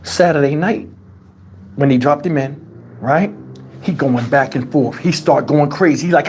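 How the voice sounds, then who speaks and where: Husky, animated male storyteller. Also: on the high side, moderate pace. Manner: animated, profane and colloquial. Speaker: channel host. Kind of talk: casual storytelling on a livestream. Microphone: wireless lapel mic.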